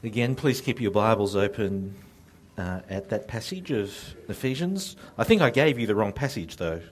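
A man's voice: lowish voice, lively intonation, a little hiss or hum. A man from Australia, preaching a sermon in a conversational, self-deprecating way. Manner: conversational, self-deprecating humor, slow deliberate delivery.

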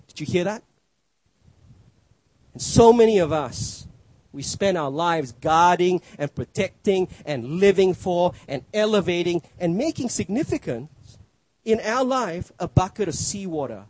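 High, husky-voiced male preacher. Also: expressive, moderate pace, a little mellow, dry recording, low-quality recording. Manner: emphatic, rising and dropping for effect. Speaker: pastor. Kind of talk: sermon.

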